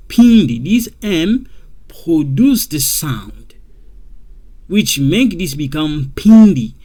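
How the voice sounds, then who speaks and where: Male teacher, first language French, slow and deliberate, slightly high voice, repeats points patiently. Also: darkish tone. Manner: repetitive, drawn-out teaching with many okays. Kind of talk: slow explanatory lesson.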